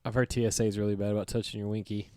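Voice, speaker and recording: A man's voice: on the low side, flat delivery, rapid-fire, dark tone, no room sound, studio quality. A man co-hosting a podcast in casual chat who jokes crudely and curses freely. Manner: crude, profane, sardonic jokes. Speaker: podcast co-host.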